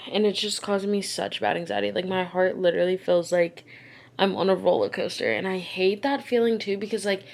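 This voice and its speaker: Speaking fairly quickly in a fairly low voice, a young woman chats casually on her vlog. She's frustrated and rambling, full of fillers, breathless and on the verge of crying.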